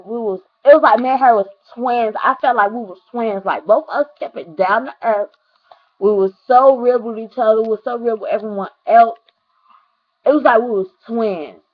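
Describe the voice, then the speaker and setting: A young woman telling a personal story to her viewers, earnest and rambling, often repeating herself and talking straight to the audience. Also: on the high side. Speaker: vlogger. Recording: dull lo-fi recording.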